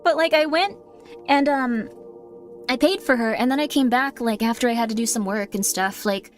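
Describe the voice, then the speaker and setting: Woman, streamer, casual rambling chat, lots of fillers and laughs, slightly high pitch, faint music behind. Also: normal speed.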